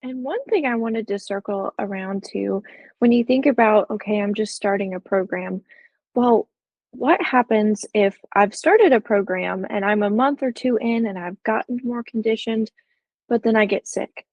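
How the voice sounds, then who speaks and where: A woman's voice: medium pitch, moderate pace, no echo, dull audio. A woman co-hosting a health podcast, asking conversational questions. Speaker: podcast co-host. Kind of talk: casual chat, asking questions.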